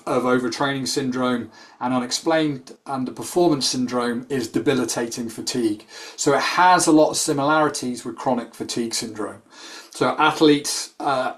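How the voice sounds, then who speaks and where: Man, explanatory talk, rapid and animated, lots of fillers. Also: mid-range voice. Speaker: sports medicine clinician.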